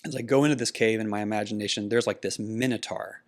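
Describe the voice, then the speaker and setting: A man's voice: fairly low pitch, fairly even intonation, fast. A middle-aged man co-hosting a podcast, telling a personal story earnestly in casual conversation. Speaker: podcast co-host.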